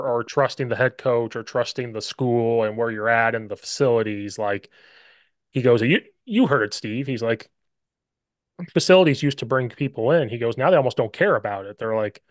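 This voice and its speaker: Animated male podcast host, dry sound. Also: mid-range voice, dry recording. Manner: animated storyteller, acts out quotes. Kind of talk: casual football chat.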